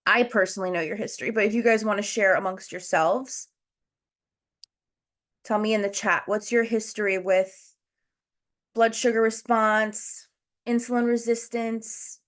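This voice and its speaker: A woman's voice: mid-range voice, steady tone, a little slow, long pauses, fairly bright tone. Breathless woman host on a video call, chatty and explanatory, speaking straight to her viewers. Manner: chatty, explains step by step, addresses the chat. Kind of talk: casual educational livestream talk.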